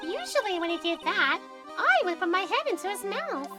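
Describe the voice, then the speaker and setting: A woman's voice: very high voice, sing-song, normal speed, pitched above the performer's own voice. A woman doing a sweet, gushing circus girl. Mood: sweet, bubbly. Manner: gushing, naive. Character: sweet bubbly young female circus performer. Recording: game music behind.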